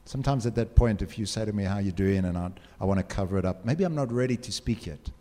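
A man's voice: fairly low pitch, expressive, fast, warm tone. A man gives an earnest motivational talk to students, asking them direct questions. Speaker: speaker addressing students. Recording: long hall reverb.

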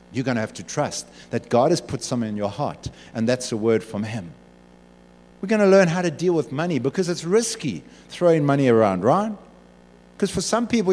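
A man preaching a sermon in an animated way, acting out voices and jokes. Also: fairly high pitch. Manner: animated, acts out voices and asides. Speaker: pastor. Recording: echoey hall.

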